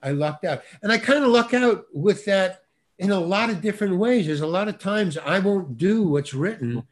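A man, an actor, telling a casual anecdote animatedly, restarting phrases and punching lines with quick interjections. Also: high-pitched, expressive. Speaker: actor guest telling a story.

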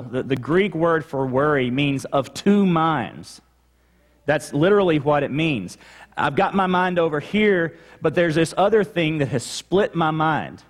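Slow, emphatic male pastor preaching. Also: fairly high pitch. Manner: explanatory teaching, emphatic repetition. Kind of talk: sermon.

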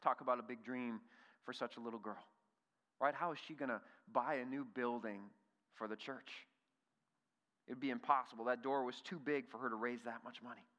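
Bright-voiced male preacher in an echoey hall. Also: mid-range voice, steady tone, moderate pace. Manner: earnest, asks many rhetorical questions, repeats words. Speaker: pastor. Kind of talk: sermon. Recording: reverberant hall.

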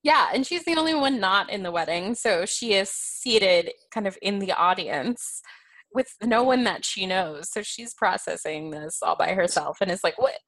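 A woman's voice: mid-range voice, moderate pace, no room sound, low-quality recording. A woman hosting a podcast, retelling a sitcom episode in a casual chat and acting out the characters' lines. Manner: animated retelling, quotes characters with shifting voices. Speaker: podcast host.

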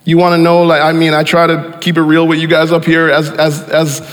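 A pastor preaching a sermon with emphatic repeated phrases, dropping quieter for scripture. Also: male voice, a little high, completely flat delivery, fairly quick, in a large hall.

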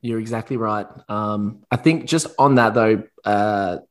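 A man's voice: on the low side, unhurried. A man co-hosting a casual football chat, wry and chatty, quoting stats as he goes. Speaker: podcast co-host.

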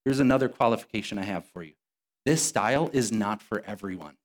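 Conversational pastor preaching a sermon. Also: male voice, lowish voice, fairly quick. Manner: conversational, explanatory preaching with restarts. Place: church sanctuary.

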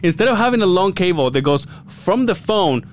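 A man's voice: high voice, expressive, fairly quick, slight background noise. A man co-hosting a casual podcast, telling a story full of swearing and laughter. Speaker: podcast co-host. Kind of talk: casual chat.

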